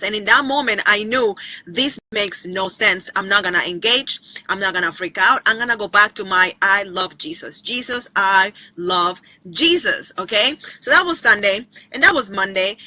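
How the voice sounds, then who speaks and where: Bright-voiced woman giving an upbeat devotional talk. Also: on the high side, no echo, low-quality recording. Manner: chatty, repetitive, addresses viewers by name; breaks into short bits of singing. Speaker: online devotional speaker. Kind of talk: inspirational livestream talk.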